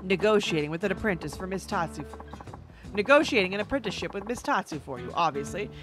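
A woman voicing a scheming older male fight manager who coaxes and flatters, with game music behind. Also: mid-range voice, fast talker, close to an everyday voice. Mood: coaxing. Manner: coaxing, salesman-like.

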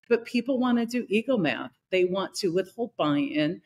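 A middle-aged woman talking in a relaxed conversational podcast, telling a workplace story and acting out the people in it. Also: mid-range voice, normal speed, few pauses. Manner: animated, acts out quoted people in her stories. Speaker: leadership consultant and host.

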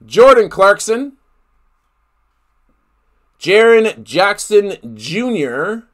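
A man's voice: sits high, big pitch swings, extremely slow, a bit bright. A man hosting a live card break, calling out each player he pulls and exclaiming over the big hits. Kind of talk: live card-opening commentary.

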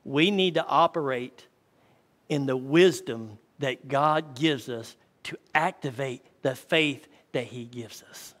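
A man's voice: medium pitch, takes it slowly, a bit bright. A man, a pastor preaching a sermon in a folksy storytelling way and calling out to his congregation. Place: church hall. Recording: long church hall reverb.

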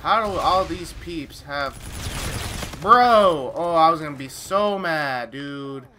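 A man giving live commentary while playing a shooter game, excitable and taunting the opponents as he plays. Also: fairly high pitch, unhurried, noisy background. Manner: trash-talking, excitable, talks to opponents. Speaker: gamer. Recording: loud game gunfire behind voice. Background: game gunfire and effects.

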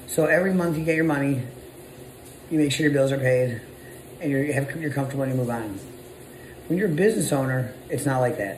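Blunt, profane business owner in echoey room. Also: male voice, medium pitch, lively intonation, fairly quick, long pauses, slight background noise. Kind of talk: casual motivational monologue.

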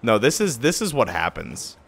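A man's voice: lowish voice, big pitch swings, normal speed, creaky, soft background music. Swearing, ranting male game streamer. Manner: swearing, swings from shouting to muttering. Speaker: live streamer. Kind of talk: profane rant-style game commentary. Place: home.

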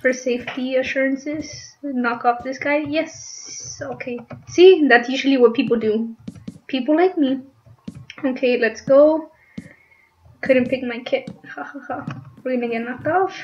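A woman's voice: high-pitched, unhurried, darkish tone. A young woman chatting casually over her gameplay, giggling and squealing now and then. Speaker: gaming channel host. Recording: dull lo-fi mic with faint noise.

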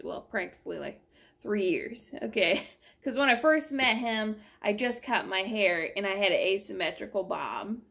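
A young adult woman vlogger at home, telling a long story in an animated, rambling, exasperated way. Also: mid-range voice, gravelly. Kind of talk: casual storytelling vlog.

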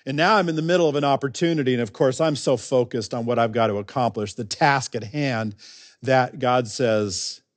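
A man preaching a sermon, telling a personal story in a conversational, animated way and acting out bits of dialogue. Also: mid-range voice, normal speed, dry recording. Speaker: pastor.

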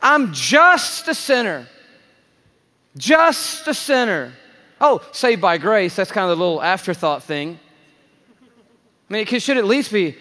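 A man's voice: high-pitched, very animated, takes it slowly, long pauses, pushed and bright. A man preaching at a large conference, emphatic and drawn out, with playful asides. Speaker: conference speaker. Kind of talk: sermon. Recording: reverberant live hall.

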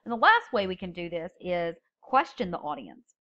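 A woman's voice: lowish voice, very animated, normal speed, sharp tone, dull audio. A woman teaching a public speaking class, explaining step by step and stressing key words when she reads example openings. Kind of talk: recorded lecture.

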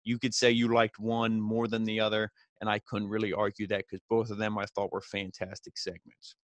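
A man's voice: lowish voice, monotone, moderate pace, no room sound. Rambling man recapping a show. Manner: rambling, many "you know" fillers, paraphrases in quotes. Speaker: podcast host. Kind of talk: casual recap commentary.

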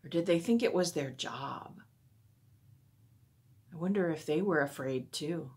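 A woman on a church staff reading a Bible story aloud to children, expressive and asking wondering questions. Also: deep voice, unhurried, breathy edge.

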